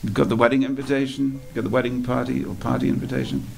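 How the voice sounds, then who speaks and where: Male preacher, gravelly tone, storytelling sermon in a temple hall, unhurried and repetitive. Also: medium pitch, little pitch movement, darkish tone. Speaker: speaker at a temple festival.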